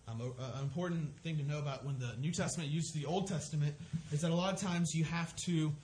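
Male pastor, slightly higher voice, earnest and conversational, stumbling restarts, faint background noise. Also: quick pace, a little mellow. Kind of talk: sermon.

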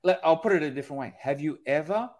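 A man's voice: a little high, lively intonation, fast talker, darkish tone. A man talking as a guest expert on a podcast, explaining with lots of energy and often asking "right?". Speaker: guest expert on sales calls. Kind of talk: podcast conversation.

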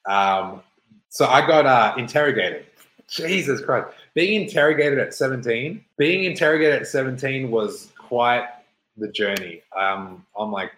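A man's voice: medium pitch, normal speed. A man from Melbourne in his thirties, telling a rambling personal story with lots of swearing and acted-out quotes. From Melbourne, Australia. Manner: rambling, animated, swears freely, acts out quotes. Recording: roomy echo.

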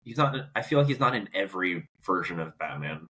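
A young man with a low, slightly husky voice, talking in a loose, hesitant way full of fillers as a podcast co-host. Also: sing-song, fairly quick, a bit bright. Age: young adult. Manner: hesitant, lots of "like" and restarts, laughs easily. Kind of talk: casual movie discussion.

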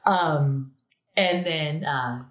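A woman's voice: deep voice, drawn-out words, over a noisy crowd. A woman in her fifties, a band director who is a podcast guest, telling stories in a chatty way and laughing often. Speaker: guest, university director of bands. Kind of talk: casual interview chat.

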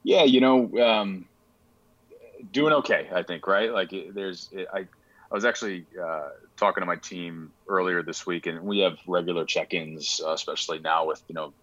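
A man's voice: low voice, normal speed, fairly bright tone, dry recording, dull audio. A young man from Rhode Island, a podcast guest talking casually and hesitantly, with many fillers and restarts. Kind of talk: casual interview chat.

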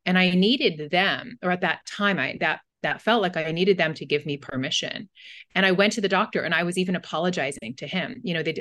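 A woman's voice: fairly low pitch, fairly quick, fairly bright tone. A middle-aged woman, a podcast co-host and anxiety coach, telling a personal story candidly in casual conversation, with many fillers.

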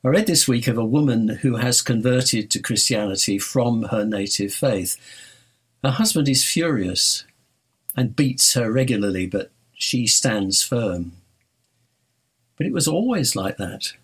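Husky-voiced male preacher. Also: medium pitch, expressive, unhurried. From North London. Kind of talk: sermon.

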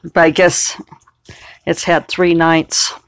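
A woman's voice: low voice, little pitch movement, takes it slowly, smooth. A middle-aged woman hosting a podcast, rambling casually and laughing at herself as she moves from her kitchen to outdoors. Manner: chatty, self-amused, laughs often. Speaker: podcast host. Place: home kitchen, then outdoors.

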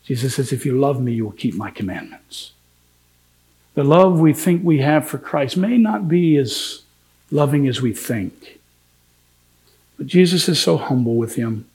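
A man's voice: mid-range voice, lively intonation, measured pace, pauses often, a little mellow. A man preaching a sermon as pastor, earnest and emphatic, acting out the words of biblical figures in quotes.

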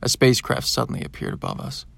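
A man narrating a science-fiction audiobook in the first person, in a plain, even storytelling manner. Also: mid-range voice, fast talker, gravelly, no echo.

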